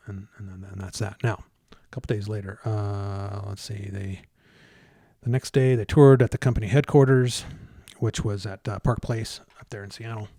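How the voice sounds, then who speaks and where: A man telling a story in a casual interview, stumbling over restarts and fillers and getting animated as he retells scenes. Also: lowish voice, no room sound, clean studio sound. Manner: halting, many restarts and fillers. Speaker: guest researcher.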